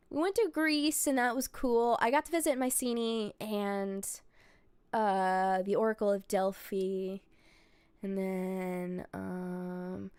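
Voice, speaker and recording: A woman's voice: on the high side, darkish tone, smooth, no echo. A young woman streamer telling a rambling travel story in a casual, chatty way, laughing and swearing. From United States.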